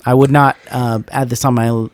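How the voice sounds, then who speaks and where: A man's voice: medium pitch, little pitch movement, brisk, no room sound. A man co-hosting a podcast in casual chat, rambling and joking with lots of hedges. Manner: rambling, hedging with fillers, joking. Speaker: podcast co-host.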